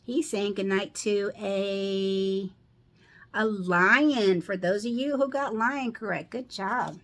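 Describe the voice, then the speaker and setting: A woman reads a children's picture book aloud at a slow, patient pace, stopping often to ask young listeners questions about what they spot on the page. Her voice sits in an ordinary middle range for a woman, and she sounds middle-aged. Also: medium pitch, a bit bright.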